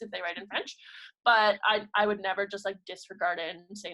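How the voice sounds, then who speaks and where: A woman's voice: mid-range voice, rough recording. A young woman, a kindergarten French immersion teacher, chatting casually and acting out what she says to her students. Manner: animated, quick, acts out classroom quotes. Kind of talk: casual group chat.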